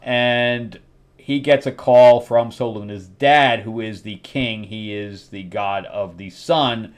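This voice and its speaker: A man's voice: on the low side, steady tone. A middle-aged man hosting a casual comic book review, recapping the plot loosely with fillers and acting out quotes. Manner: rambling recap with fillers and quick acted quotes.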